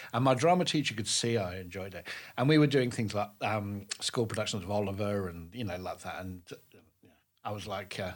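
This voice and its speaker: Animated, emphatic man in his fifties. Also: lowish voice, normal speed. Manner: animated, emphatic, chatty with many restarts. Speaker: drama tutor and guest. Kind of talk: casual interview storytelling.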